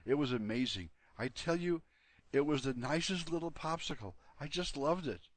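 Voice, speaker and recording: Guy doing a jumpy talking dog, high and loud, all breathless and eager. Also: expressive, normal speed. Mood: excited.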